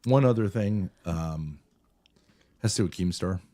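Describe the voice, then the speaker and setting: A man's voice: sits low, unhurried, warm tone. A man chatting casually as a streamer reviewing his call-in, rambling, joking and provocative. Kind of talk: casual chat.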